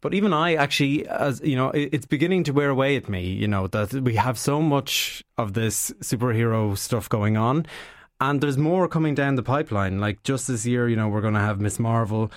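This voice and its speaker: A man's voice: medium pitch, moderate pace, no echo, studio quality. A man as a radio guest, rambling conversationally about films. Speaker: film critic guest. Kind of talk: casual radio chat.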